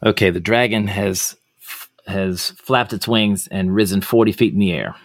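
A man with a low voice plays a tabletop game, working through his move out loud and restarting his sentences. The sound is dry and close. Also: fairly even intonation, normal speed, dry recording. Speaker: player.

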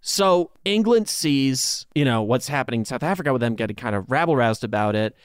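A man's voice: medium pitch, lively intonation, brisk, smooth, no echo. A man in a casual podcast chat, narrating history with sarcastic, profane asides. His voice is mid-range and sounds dry and close to the mic. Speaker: podcast co-host.

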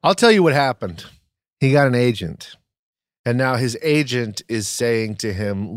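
A man's voice: mid-range voice, animated, a little slow, no room sound, clean studio sound. A man co-hosting a podcast who rants about a TV show with comic, profane outrage. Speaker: podcast co-host. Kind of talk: casual recap chat.

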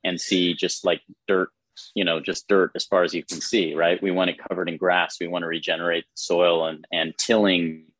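A man's voice: sits low, level tone, moderate pace, fairly bright tone, no echo. A man chatting casually and earnestly, rambling a little with many fillers. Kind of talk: casual chat.

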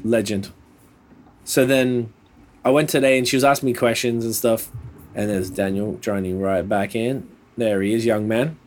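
A man in pain telling a rambling, sweary story in casual chat over a call, sounding a little flat. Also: fairly low pitch, normal speed, soft background music. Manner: laid-back, swears often, rambling. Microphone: video call.

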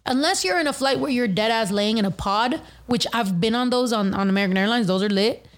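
A young woman with a slightly high voice tells a story on a casual talk show. She rants fast and profanely, jumping into dramatic reenactments of what people said.

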